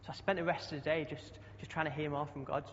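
A man's voice: on the high side, level tone, quick pace, a bit bright, a little hiss or hum. A young man preaching a chatty sermon, often asking the congregation questions. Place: church hall. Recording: dull sound with long hall echo.

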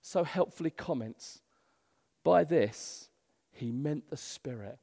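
A male pastor preaching a sermon in a church, animated, swinging between loud emphasis and hushed asides. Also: on the high side, takes it slowly, vocal fry. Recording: long hall reverb.

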